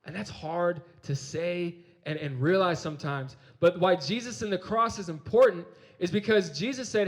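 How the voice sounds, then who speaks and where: A man's voice: high-pitched, normal speed. A young adult man giving a youth sermon, telling a personal story with energy and often repeating his words. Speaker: campus ministry speaker.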